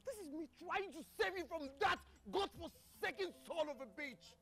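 A woman's voice: extremely high pitch, animated, moderate pace, a bit bright, faint music behind, exaggerated voice. An actress playing a defiant woman who speaks vehemently in a drama. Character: defiant woman protecting someone.

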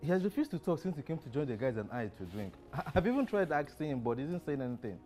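A man's voice: a little high, very animated, fast talker, a little mellow, faint music behind. A man playing a polite young friend who stammers and defers respectfully. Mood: nervous.

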